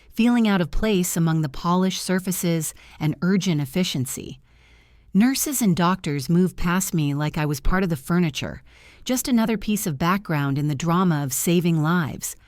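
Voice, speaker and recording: Measured, low-voiced woman storyteller. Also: a little mellow, dry recording, clean studio sound. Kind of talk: scripted first-person story narration.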